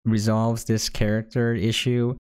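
A man's voice: on the low side, little pitch movement, unhurried, darkish tone, clear, resonant tone, no echo, studio quality. A man giving a casual, sarcastic and exasperated rant as an anime reviewer.

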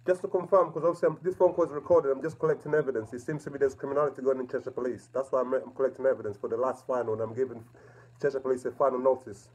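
A man's voice: medium pitch, fairly even intonation, racing, darkish tone, slightly rough. A man calling the police on the phone, insistent and repeating himself with polite fillers. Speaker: caller. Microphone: phone call recorded.

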